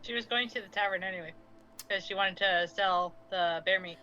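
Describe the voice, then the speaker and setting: A woman's voice: mid-range voice, normal speed, sharp tone, a little hiss or hum. Woman player on dull lo-fi audio. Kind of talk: playing a tabletop game.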